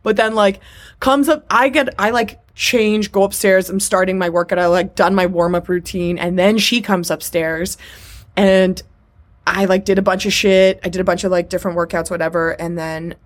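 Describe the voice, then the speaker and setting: A young woman co-hosting a podcast, telling a story in casual, animated chat, acting out quotes and cursing freely. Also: medium pitch, moderate pace. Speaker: podcast co-host.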